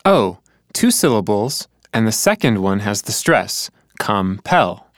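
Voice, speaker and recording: A man acting as the learner in a scripted lesson dialogue, answering in a relaxed way with hesitations. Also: fairly low pitch, measured pace, no room sound, clean studio sound. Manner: relaxed, thinks aloud with hesitations.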